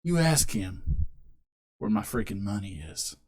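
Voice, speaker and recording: A man's voice: lowish voice, expressive, a little slow, a little mellow, voice pushed down. A man telling a joke as an angry mob boss. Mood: threatening. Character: angry male mob boss demanding money.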